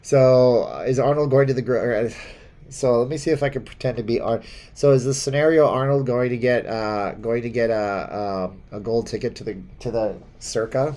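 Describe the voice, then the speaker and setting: This time the same stuffy, allergy-plagued streamer comes across at medium pitch with a dark tone and ordinary pace. Chuckling as he goes, he wanders through viewer comments in relaxed chat, stumbling over fillers and starting sentences again.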